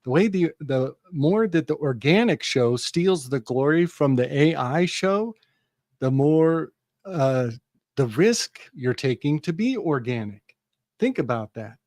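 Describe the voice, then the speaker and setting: A man's voice: fairly high pitch, lively intonation, a little slow, darkish tone, no echo, studio quality. A man co-hosting a casual talk show, reflecting on his work and telling a rambling folk tale with many restarts.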